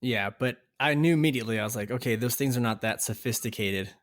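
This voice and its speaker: A man's voice: mid-range voice, quick pace. A man co-hosting a casual podcast, telling a story and laughing through his words. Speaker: podcast co-host.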